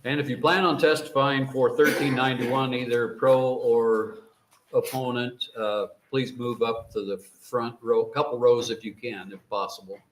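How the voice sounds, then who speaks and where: A man chairing a legislative committee hearing, calling briskly for questions and witnesses. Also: medium pitch, steady tone. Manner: brisk procedural announcements. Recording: roomy hearing-room audio, faint noise.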